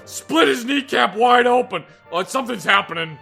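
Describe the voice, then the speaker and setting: A man's voice: very high voice, animated, moderate pace, gravelly, sharp tone, breathy edge, faint music behind, exaggerated voice. A man voicing a chatty, proud steam-carriage driver in a game playthrough, rambling on about his father. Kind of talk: voicing a game character for friends.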